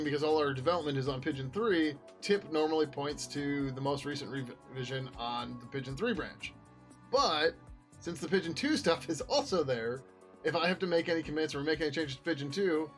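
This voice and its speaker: A man walking viewers through his code on a casual live stream, talking loosely, trailing off and restarting, and swearing now and then. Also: fairly high pitch. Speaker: software developer streaming his work.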